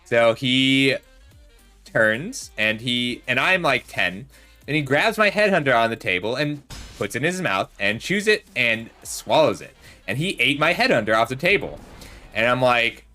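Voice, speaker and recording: A man in his thirties talks his way through a card game on stream, in a bright, lively voice that climbs and dips a lot. He chats loosely and rambles into anecdotes between plays. Faint music runs under him. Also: mid-range voice, normal speed. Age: 30s. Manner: rambling, chatty, talks to chat while playing. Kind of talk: casual gameplay commentary with storytelling.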